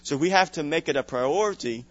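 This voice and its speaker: Conversational pastor from Louisiana, lo-fi. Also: male voice, a little high, lively intonation, fairly quick, dry recording. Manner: conversational preaching with chuckles and restarts. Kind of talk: sermon. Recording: dull lo-fi sound.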